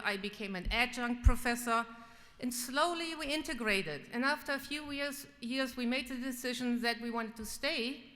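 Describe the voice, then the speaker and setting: A woman's voice: a little high, sharp tone. A middle-aged woman with a German accent, a state representative giving an earnest, personal farewell speech in a legislative chamber. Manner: earnest, personal, lightly self-deprecating. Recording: echoey chamber.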